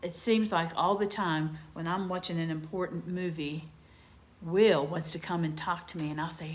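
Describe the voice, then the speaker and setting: A middle-aged woman teaching young children a phonics lesson from home into a laptop camera, sounding out letters slowly and clearly. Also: lowish voice, steady tone, reverberant. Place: home room.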